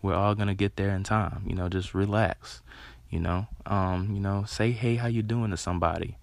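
Deep gravelly man, earnest casual pep talk. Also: little pitch movement, moderate pace, no room sound. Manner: rambling, earnest, frequent "you know", casual swearing. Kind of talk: casual motivational talk to camera.

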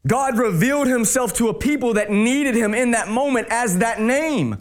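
A man pastor preaching a sermon, dropping his voice low and slow on key words for emphasis.

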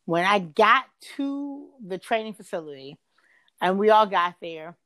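Animated woman telling a story. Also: unhurried, no echo. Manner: animated, swings to high excited pitch when exasperated. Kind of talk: casual storytelling chat.

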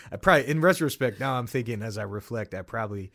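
A man's voice: medium pitch, animated, fast, fairly bright tone. A man chatting as a podcast guest, chatty and laughing often, repeating himself. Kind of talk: casual chat.

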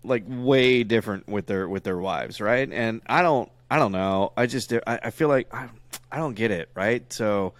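A man's voice: lowish voice, normal speed, dry recording. A young man in casual podcast chat, crude and joking, often cursing. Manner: crude, joking, jumps into loud mock voices. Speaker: podcast co-host.

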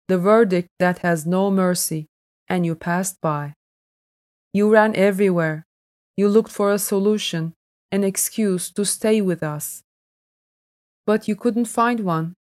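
Woman, audiobook narrator, slow pace, measured scripted reading. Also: medium pitch, a little mellow.

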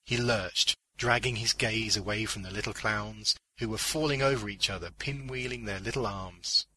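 A man reads fiction aloud in a measured, deliberate way, with a husky voice and a strikingly bright tone. His delivery is slow and low-pitched. The sound is dry and close to the mic. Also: no echo, rough recording. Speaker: narrator. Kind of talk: scripted audiobook narration of fiction.

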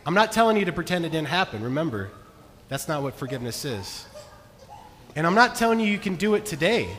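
A man preaching a sermon as pastor, earnest, moving between hushed and emphatic delivery. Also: high-pitched, a little hiss or hum. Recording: long reverb of a large hall.

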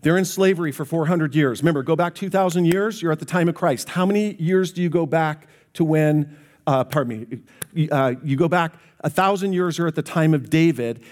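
Pastor, man, slightly high voice, earnest sermon delivery straight to the congregation. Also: darkish tone. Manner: earnest, direct address to congregation.

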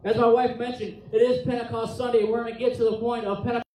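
A man's voice: very high-pitched, level tone, fast, dark tone. A male pastor preaching a Pentecost sermon, reading scripture aloud with impassioned emphasis. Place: church sanctuary. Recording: echoey church room, distant mic.

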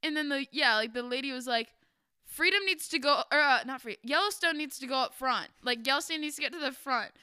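A young woman co-hosts a podcast and eagerly jumps in to retell the story, packing her speech with "like". Her voice sits high and sounds bright. The mic is close and dry. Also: fast, hardly any pauses, clean tone, dry recording. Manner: excitable, jumps in, dense with "like". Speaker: podcast co-host. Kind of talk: casual storytelling chat.

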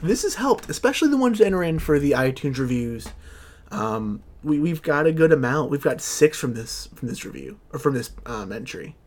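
A man's voice: a little high, sing-song, normal speed, darkish tone. Young man hosting a loose podcast. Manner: loose, profane, laughing, stumbles over words. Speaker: podcast host. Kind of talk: casual podcast chat.

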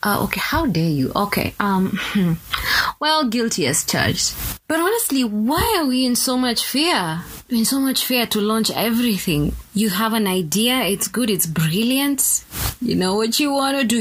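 A woman's voice: on the high side, big pitch swings, unhurried, slight background noise. A woman from Kenya hosting a faith podcast, earnest and chatty, with self-mocking laughing asides and spoken prayer. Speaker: podcast host.

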